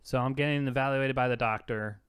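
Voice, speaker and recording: A man co-hosting a comedy podcast, telling stories in an animated way and acting out the people in them, with frequent laughs. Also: medium pitch, fairly quick, smooth, no echo, clean studio sound. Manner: animated, acts out quotes, laughs often. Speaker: podcast co-host. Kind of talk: casual comedic storytelling.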